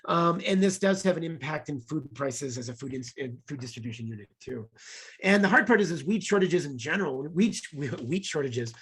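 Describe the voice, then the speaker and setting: A man's voice: on the high side, lively intonation, normal speed, a bit bright, breathy edge. A man on a webinar panel, explaining economics in an eager, rambling way over a video call. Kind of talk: webinar discussion.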